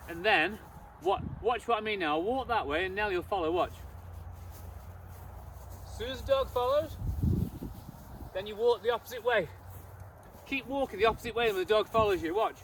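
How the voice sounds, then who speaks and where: A man's voice: high voice, normal speed, long pauses, a bit bright, far from the mic, slight background noise. A man who trains dogs, giving a casual step-by-step training demonstration and chatting as he moves around a cold field. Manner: chatty, repeats words, gives commands to the dog. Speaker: dog trainer.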